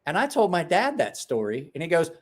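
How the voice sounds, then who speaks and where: He's a worn-out Ohio man in his forties running a casual late-night livestream, full of swearing, wandering folksy stories, and acted-out quotes. His pitch is very animated and he talks fairly quickly.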